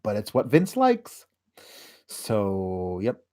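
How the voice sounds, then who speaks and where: A man's voice: lowish voice, huge pitch swings, extremely slow, dark tone. A man hosting a podcast, giving a sarcastic, rambling casual recap. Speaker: podcast host.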